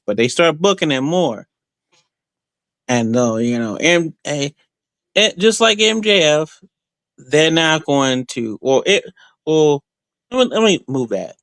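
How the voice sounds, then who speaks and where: A man's voice: medium pitch, fairly bright tone, clear, resonant tone, dry recording. Man rambling through trash talk on a podcast. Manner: boastful trash talk, rambling with many fillers. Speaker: guest wrestler. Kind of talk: casual podcast interview.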